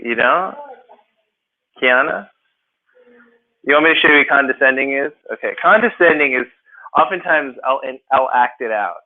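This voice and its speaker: Brief: male test-prep tutor, lively, quizzes students, mid-pitched voice, phone-like sound. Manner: animated, questions students, acts out examples. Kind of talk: classroom teaching. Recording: phone-like narrow audio.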